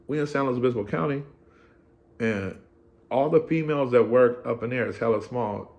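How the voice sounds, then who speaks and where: A man's voice: mid-range voice, normal speed, creaky, darkish tone. A middle-aged man telling a story in casual, profane slang, acting out the people in it and checking in with "right?". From California. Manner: slangy, acts out voices, keeps asking "right?".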